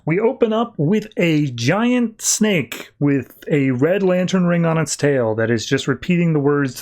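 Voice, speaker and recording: A man's voice: on the high side, animated, a little slow, few pauses, darkish tone. A man hosting a podcast, casually recapping a comic with lots of fillers. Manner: chatty, many "like" fillers. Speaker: podcast host.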